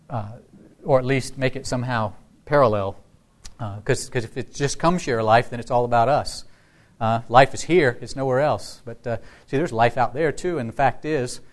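Conversational male Lutheran pastor. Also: medium pitch. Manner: conversational storytelling with frequent restarts. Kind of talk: sermon.

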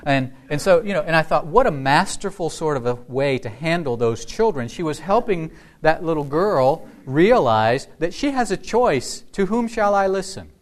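A man's voice: a little high, expressive, normal speed, hardly any pauses. Conversational male Lutheran pastor. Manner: conversational storytelling with frequent restarts. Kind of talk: sermon.

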